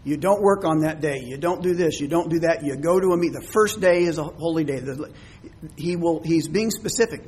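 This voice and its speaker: Husky-voiced man preaching a sermon. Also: fairly high pitch, normal speed, a little mellow. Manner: teaching, explains words with everyday examples. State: coughing, throat troubled. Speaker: pastor.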